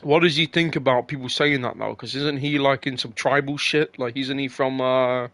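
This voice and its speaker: A man's voice: mid-range voice, fairly even intonation, normal speed, fairly bright tone. A young man hosting a casual chat, rambling and swearing, with lots of fillers and restarts.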